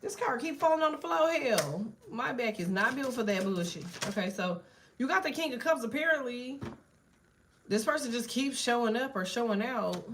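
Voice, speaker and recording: A woman's voice: fairly high pitch, fairly bright tone, slight background noise. A woman doing a casual live tarot reading, blunt and profane, chatting to viewers and jumping between cards and asides. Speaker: tarot reader.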